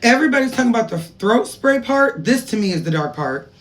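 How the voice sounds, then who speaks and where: A woman's voice: a little high, big pitch swings, fairly quick, far from the mic. A woman telling a gossip storytime in a casual, chatty way, reading out text messages with laughing asides. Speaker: gossip commentator.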